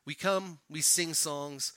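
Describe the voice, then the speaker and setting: A man's voice: fairly high pitch, steady tone, takes it slowly, sharp tone, no echo. A man preaching a sermon to his church, acting out quoted voices as he goes. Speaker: pastor.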